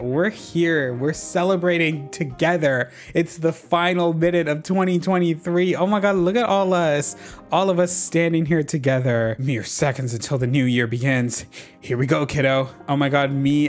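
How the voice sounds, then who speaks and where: A gaming YouTuber giving casual let's-play commentary, excitable and dramatic, using lots of slang and talking to the characters on screen. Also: medium pitch. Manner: talks to game characters while playing.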